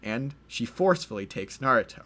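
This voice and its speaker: A man's voice: mid-range voice, expressive, a little fast, pushed and bright. A man telling a made-up story in casual chat, stammering and repeating words as he goes.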